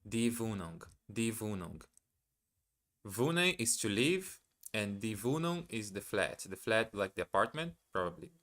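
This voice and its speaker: A man talks unhurriedly into a desk mic on a live stream, working through practice words and repeating them to himself. His tone is bright and a little tense, and he often stops mid-thought to question himself. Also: on the low side, very animated, a little slow. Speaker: live streamer learning German. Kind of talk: casual live stream, thinking aloud.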